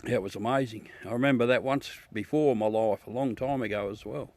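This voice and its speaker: A man's voice: mid-range voice, fast talker, darkish tone, no echo. An Australian man livestreaming outdoors at night, rambling chattily to his viewers through a smartphone. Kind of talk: casual live chat.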